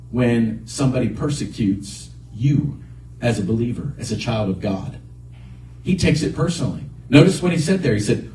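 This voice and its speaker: A man's voice: mid-range voice, expressive, normal speed, darkish tone. Earnest preacher man in an echoey room. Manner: earnest, emphatic preaching with repeated phrases. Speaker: pastor. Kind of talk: sermon. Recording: echoey room picked up from a distance.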